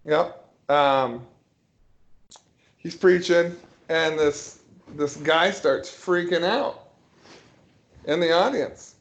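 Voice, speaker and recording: A man's voice: on the high side, dull audio. Hesitant man telling a story. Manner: halting, hesitant storytelling with many restarts. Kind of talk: casual podcast chat.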